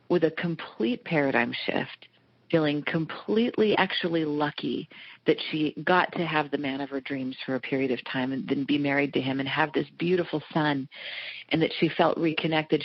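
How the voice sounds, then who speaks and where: A woman dream therapist speaking as an interview guest, telling earnest, animated stories with frequent "like" fillers, on slightly muffled remote audio. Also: low-pitched, normal speed, breathy edge, dry recording. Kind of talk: conversational interview, storytelling.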